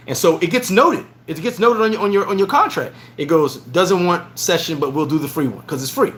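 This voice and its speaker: A middle-aged man vlogging, telling stories in a casual, animated way and repeating words as he goes. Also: on the high side, fairly quick, few pauses. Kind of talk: casual storytelling monologue.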